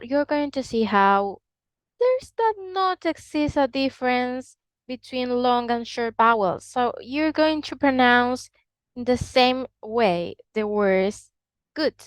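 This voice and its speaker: A woman's voice: fairly high pitch, expressive, takes it slowly, clear, resonant tone, no echo, low-quality recording. A woman explaining English accents in a lesson, with slightly non-standard phrasing. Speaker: English teacher.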